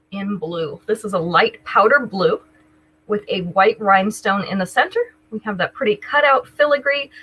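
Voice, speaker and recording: A woman's voice: mid-range voice, bright, forceful tone, breathy edge, poor audio. An older woman hosting a live jewelry sale, chatting casually with viewers, greeting them by name and describing each item. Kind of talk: casual live-stream selling chat.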